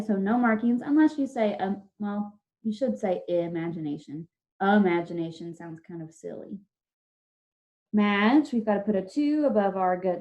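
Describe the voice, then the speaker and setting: Sounding out each letter and syllable for children, a woman teacher gives a patient, step-by-step spelling lesson by video call. Her voice is a little high with a dark tone, and the audio is dull lo-fi call quality.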